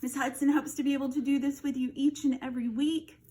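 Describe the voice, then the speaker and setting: A woman teacher giving a slow, encouraging read-aloud lesson to young children, quizzing them and praising answers. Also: high voice, little pitch movement, mellow. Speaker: first grade teacher. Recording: distant mic, faint background noise.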